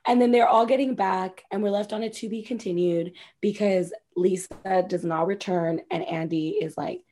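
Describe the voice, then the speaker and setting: Woman, podcast co-host, warm mellow voice, gossipy, swears freely, casual recap. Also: mid-range voice, moderate pace. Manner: gossipy, profane, animated quoting.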